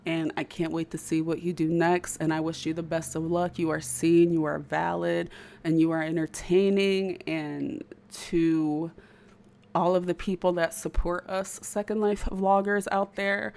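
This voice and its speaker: A woman's voice: lowish voice, little pitch movement, unhurried, creaky, darkish tone. Young woman with a stutter, rambling. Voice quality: speech impediment. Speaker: YouTuber. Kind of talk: casual chat to viewers.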